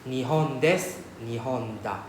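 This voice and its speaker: A man's voice: mid-range voice, normal speed, background noise. Singaporean man teaching in an echoey classroom. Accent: Singaporean English. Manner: repeats "right?" to check understanding. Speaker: Japanese teacher. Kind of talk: classroom lesson explanation.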